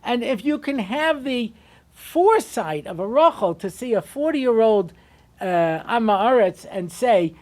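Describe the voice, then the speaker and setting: A man's voice: sits high, moderate pace. A man who is a rabbi, giving a humorous lecture and telling stories with acted-out dialogue. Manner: animated joking storyteller who acts out dialogue.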